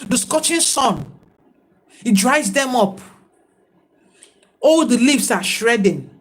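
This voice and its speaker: A woman's voice: fairly high pitch, animated, slow pace, husky. A woman, talking casually and reflectively to viewers on a livestream, in a preachy tone. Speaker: livestream host.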